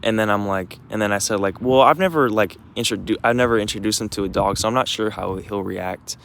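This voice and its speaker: A man's voice: lowish voice, level tone, a little fast, gravelly, a bit bright, a little hiss or hum. A young man vlogging while walking his dog outdoors, talking in a loose, rambling way full of fillers and restarts. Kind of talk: casual rambling walk-and-talk.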